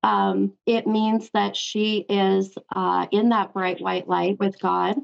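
A woman psychic medium gives a reading to a caller on her show, calling her hun again and again. Her voice is heavily gravelly with vocal fry, and the audio sounds dull and lo-fi. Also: medium pitch, level tone, slow. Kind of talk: live call-in spirit reading.

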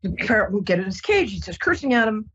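Husky lady psychic on the radio, soothing, lots of ums, dull muffled sound. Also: medium pitch, very animated, quick pace. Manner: gentle, reassuring, rambling with many ums. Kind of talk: casual radio psychic reading.

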